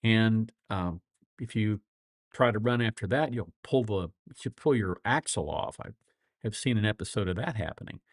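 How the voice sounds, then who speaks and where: A middle-aged man with a flat Midwestern accent, a lawyer hosting a casual livestream, rambling through folksy stories and chuckling often. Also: on the low side, normal speed, dry recording, studio quality. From grew up all over the world.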